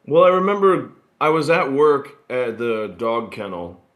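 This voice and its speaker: A man born in Australia and raised in Texas, telling stories as a guest in a casual interview, relaxed and rambling with fillers. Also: medium pitch, unhurried. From born in Australia, grew up in Texas. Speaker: guest actor. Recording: roomy echo.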